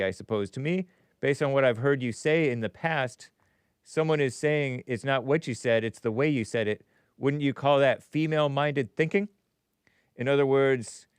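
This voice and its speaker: A man with a smooth, medium-pitched voice hosts a casual livestream show, reading viewer messages aloud and chatting back in reply. He laughs often and mutters asides under his breath. The recording is studio quality with no room sound.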